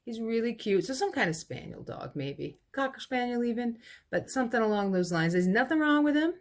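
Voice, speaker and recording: A woman in a relaxed, chatty sale patter, presenting vintage pieces one by one. She talks about them with easy affection, calling them cute little babies. Each pitch ends briskly with a price and a lot number. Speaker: vintage shop owner running an online clearance sale. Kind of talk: casual live sale item presentation.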